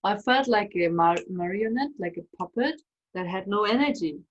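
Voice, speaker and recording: A woman's voice: mid-range voice, normal speed, muffled recording, a little hiss or hum. Emotional woman telling a personal story. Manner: emotional, animated, acts out quoted voices. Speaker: spiritual coach and storyteller.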